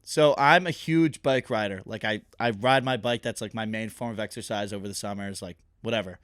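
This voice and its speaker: A young man co-hosting a podcast, telling stories in animated casual chat and laughing often. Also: fairly low pitch, fairly quick, dry recording, studio quality. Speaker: podcast co-host.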